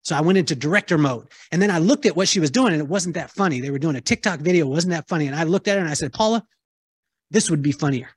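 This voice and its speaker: A man telling a lively story to an audience, acting out the voices of the people in it. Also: a little high, fast talker, slightly rough, no room sound. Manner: lively, acts out quoted voices. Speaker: keynote speaker answering audience. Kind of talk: animated storytelling talk.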